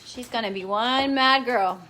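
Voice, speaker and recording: A woman chatting casually on a live stream from her home, breaking off to coax her dogs in a high voice. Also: measured pace, bright, forceful tone, slight background noise. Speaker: home dog breeder.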